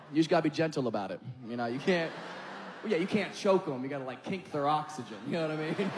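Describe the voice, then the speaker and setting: A male stand-up comedian with a crude, rowdy delivery who keeps calling the crowd "dude". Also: sits high. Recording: loud background noise.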